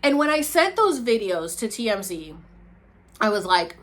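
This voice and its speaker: At a moderate pace, this Puerto Rican vlogger talks casually and animatedly to camera in a talking-head video. She moves from low murmurs to sudden, high, excited outbursts.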